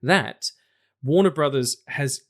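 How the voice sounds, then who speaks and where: A man's voice: on the high side, slow pace, a bit bright. A man guesting on a podcast in casual chat, loose and sweary, often rambling.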